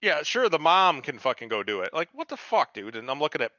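A man's voice: a little high, very animated, a little fast, pushed and bright, dry recording, lo-fi sound. A man co-hosting a podcast, casually retelling a TV show with heavy swearing and quoted voices. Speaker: podcast co-host. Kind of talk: casual chat recapping a TV show.

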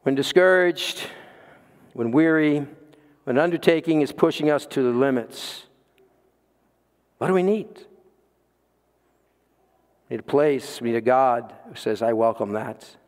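A man preaching a sermon as pastor, emphatic, with dramatic pauses and repeated words. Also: medium pitch, long reverb tail.

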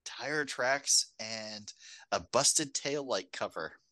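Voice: medium pitch, takes it slowly, pushed and bright, no room sound. A co-host on a casual film podcast who recaps plots with wry jokes and frequent laughter.

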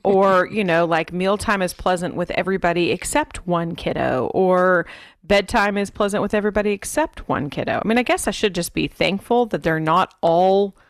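Lowish-voiced woman, chatty. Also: normal speed, no room sound, studio quality. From Texas, USA. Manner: chatty, rambling, frank about tiredness. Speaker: podcast co-host. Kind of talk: casual parenting podcast chat.

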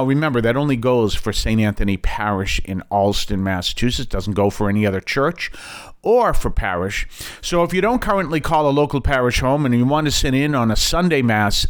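A man's voice: medium pitch, animated, brisk. A man with a Boston accent, a Catholic priest hosting a radio talk show in a chatty, digressive way with light self-deprecating asides.

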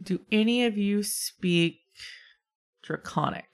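A woman narrating as game master in a tabletop game, describing scenes in a relaxed, rambling way. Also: medium pitch, slow.

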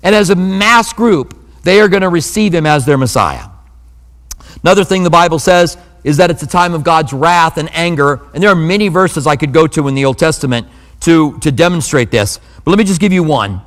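A man's voice: a little high, expressive, brisk, fairly bright tone, in a large hall. A man preaching a sermon as pastor, in a conversational manner with humorous asides.

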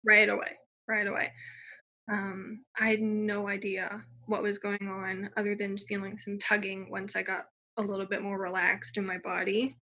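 A woman's voice: medium pitch, level tone, normal speed, hardly any pauses, fairly bright tone, a little hiss or hum. A young woman telling her personal story in a casual, chatty way, full of fillers and acted-out quotes.

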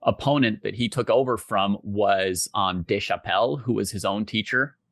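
A man co-hosting a casual podcast chat, speaking in a thoughtful, measured way. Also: on the low side, fairly bright tone, dry recording, clean studio sound. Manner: thoughtful, measured, often says "right?". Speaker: podcast co-host.

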